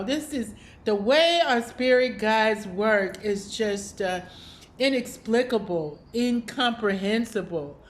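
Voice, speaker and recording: Woman rambling through a spiritual story. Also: fairly high pitch. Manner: rambling, reflective, with frequent fillers and laughs. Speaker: host of a spiritual video series. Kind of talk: casual personal storytelling about spirituality.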